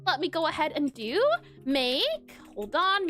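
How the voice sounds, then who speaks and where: High-pitched lively woman talking through her game code, bouncy and bright, faint music behind. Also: moderate pace. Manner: chatty, giggly, often self-correcting and spelling words aloud. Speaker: indie game developer. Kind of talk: casual coding devlog narration.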